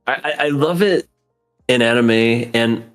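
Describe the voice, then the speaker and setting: A man's voice: mid-range voice, moderate pace, soft background music. A man co-hosting an anime podcast, chatting casually, laughing often and acting out characters' lines. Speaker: podcast co-host. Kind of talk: casual anime review chat.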